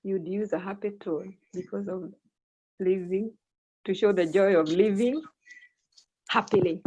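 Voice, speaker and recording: A woman's voice: mid-range voice, fairly even intonation, a little slow, mellow, slightly rough. A woman teacher leading an online English lesson, prompting students and repeating their answers back. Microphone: video call. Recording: muffled video call audio.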